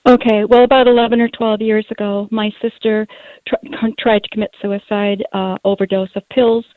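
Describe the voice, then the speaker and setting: A woman from Minnesota calling a radio show, telling her story in a steady, matter-of-fact way. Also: mid-range voice, normal speed, no echo. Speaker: radio caller. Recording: tinny phone line.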